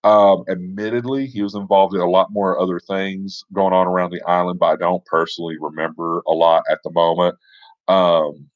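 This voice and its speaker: Deep-voiced guy telling an old d&d story, offhand and rambly, dull dry sound. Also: no room sound. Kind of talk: casual retelling of a tabletop game.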